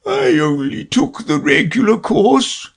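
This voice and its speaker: A man voicing the Mock Turtle as a sobbing, melancholy old creature in a storybook reading, with a slow, high, tearful wail. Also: sing-song, vocal fry, heavily acted.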